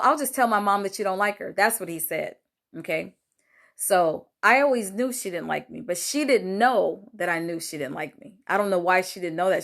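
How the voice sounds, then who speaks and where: An older woman, a grandmother, telling a personal story in a casual monologue, animated and acting out quoted lines, with many fillers. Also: lowish voice, gravelly. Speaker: host sharing a personal story.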